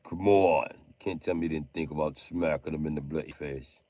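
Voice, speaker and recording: A man livestreaming, ranting in mocking tones with sudden shouted bursts and jokey mock British slang. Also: rumbling low, steady tone, moderate pace, dry recording.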